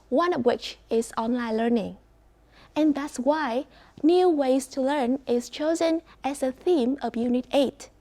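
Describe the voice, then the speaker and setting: Teaching an English class, a woman with a Vietnamese accent speaks in a high, slightly mellow voice. Her delivery is slow and clear, full of praise and prompting for the students.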